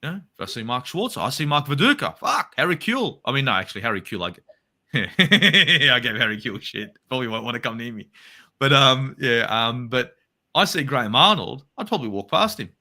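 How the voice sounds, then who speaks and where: A man's voice: medium pitch, animated, fairly quick, bright, forceful tone. An Australian man, a football fan guest in a casual interview, ranting heatedly and swearing a lot.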